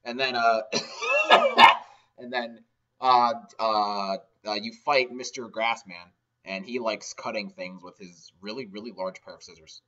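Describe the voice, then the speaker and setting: A man with a lowish, fairly even, pushed and bright voice speaks at a moderate pace, giving a rambling, sarcastic comedic recap of a game and swearing often. The dull, lo-fi mic picks up a little hiss or hum.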